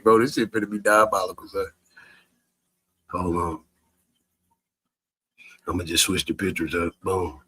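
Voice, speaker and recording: A man's voice: sits low, a little slow, long pauses, fairly bright tone, slightly rough. A man in a profane livestream rant, cursing heatedly and mocking his critics with bursts of laughter. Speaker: social media streamer.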